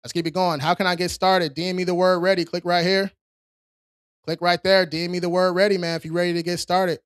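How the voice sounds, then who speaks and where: A man's voice: high-pitched, flat delivery, a little fast, clear, resonant tone, no room sound, clean studio sound. A man hosting a live stream, reading viewers' questions aloud and answering them in a casual, streetwise way. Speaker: credit repair livestream host.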